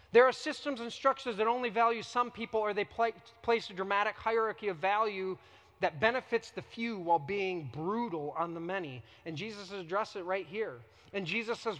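A man preaching a sermon as a pastor, emphatic, with dramatic pauses and repetition. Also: sits high, a bit bright, long reverb tail. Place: church sanctuary.

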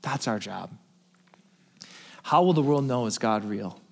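A male pastor preaching, telling a story in a hushed, tender voice and then building to emphatic calls. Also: mid-range voice, animated, measured pace, creaky. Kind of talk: sermon storytelling.

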